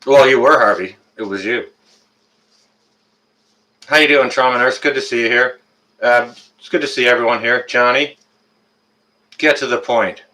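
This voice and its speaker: A man's voice: mid-range voice, moderate pace, long pauses, pushed and bright, low-quality recording. A man hosting a live stream, chatting casually, rambling with many fillers and greeting viewers by name.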